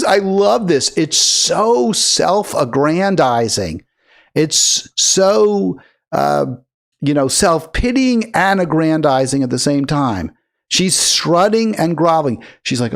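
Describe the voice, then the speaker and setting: A man's voice: on the high side, vocal fry. A man hosting a live political call-in show, talking in a sarcastic, mocking, rambling way.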